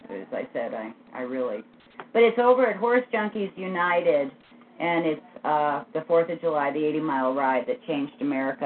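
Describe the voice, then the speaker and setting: A woman with a lowish voice speaks earnestly, stopping and restarting as she urges her listeners on. The line is thin and phone-like, with a faint hiss behind her. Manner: halting, with frequent restarts, earnest and exhorting. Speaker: podcast co-host. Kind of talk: casual political history chat.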